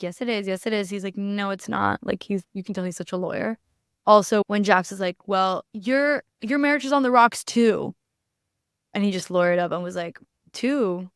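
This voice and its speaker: A young woman hosting a podcast, giving blunt, animated opinions in casual chat, swearing freely and saying "like" often. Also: mid-range voice, smooth, no room sound, clean studio sound. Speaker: podcast host.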